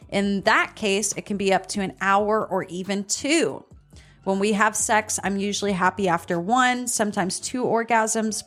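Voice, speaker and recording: Woman podcast host, chatty and frank, mid-pitched voice, laughs a lot. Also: fairly bright tone. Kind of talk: casual chat, reading listener answers aloud.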